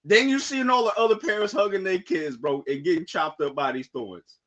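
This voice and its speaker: A young man on a live reaction stream, talking in slang and breaking into shouted outbursts. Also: sits high, fairly quick, muffled recording. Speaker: streamer reacting to a manga chapter.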